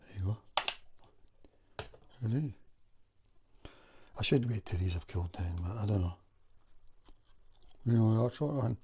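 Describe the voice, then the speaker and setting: Rambling low-voiced man, lo-fi kitchen vlog. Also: lively intonation, measured pace, long pauses, dark tone. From Scotland. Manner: rambling, chatty, many fillers. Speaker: vlogger. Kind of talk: casual chat while cooking. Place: home kitchen. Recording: lo-fi home recording with background noise.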